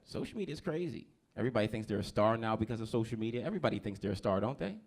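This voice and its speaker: A man's voice: on the low side, animated, rapid-fire. A man in his thirties from New Jersey doing a stand-up set in a comedy club, brash and profane, working the crowd.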